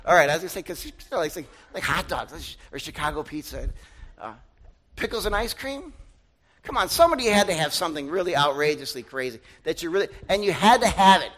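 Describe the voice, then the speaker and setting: A young male pastor gives a conversational sermon. His voice sits high and sounds bright and forceful. He asks the congregation questions and acts out other people's voices, sometimes shouting them. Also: animated, a little fast, poor audio. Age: young adult.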